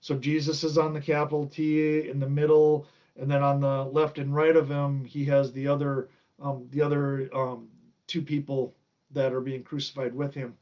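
A man's voice: mid-range voice, level tone, moderate pace, muffled recording. A man teaching an informal Bible study, reading and explaining scripture, stressing and drawing out key words.

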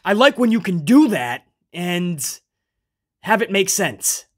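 A man's voice: high-pitched, sing-song, takes it slowly. A man recapping a wrestling show in casual commentary, swearing freely, tagging phrases with "man" and calling himself by name in the third person.

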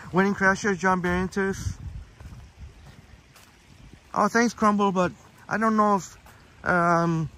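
Here a high-pitched man walks through a park on a phone live stream, chatting and reading viewers' comments aloud by name. He goes at a slow pace with frequent pauses and fairly even intonation. His voice sounds pushed and bright.

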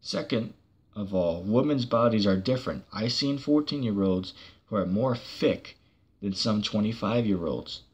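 Husky, heated man ranting. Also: lowish voice, lively intonation, unhurried. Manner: combative, profane, mocking. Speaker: church channel preacher.

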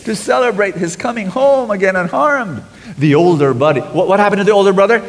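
A man preaching a sermon to a live audience, animated, calling for responses and loudly acting out quotes. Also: high-pitched, brisk, long reverb tail.

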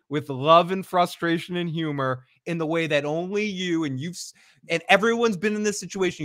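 A man's voice: on the high side, a bit bright, dry recording, studio quality. A man co-hosting an after show, chatting casually and animatedly about an episode, acting out the characters' lines with many restarts. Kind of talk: casual recap chat.

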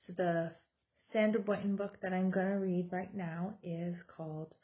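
A woman's voice: lowish voice, steady tone, unhurried, dull audio. A young woman at home reading a children's storybook aloud in a friendly, playful way, putting on animal noises. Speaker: office manager reading to children.

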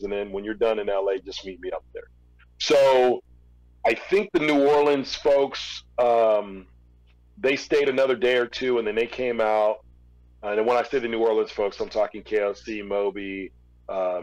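A man's voice: on the low side, no echo, low-quality recording. Dry-sounding man telling stories. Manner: relaxed, rambling storyteller with restarts. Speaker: interview guest, former record label executive. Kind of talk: casual storytelling interview.

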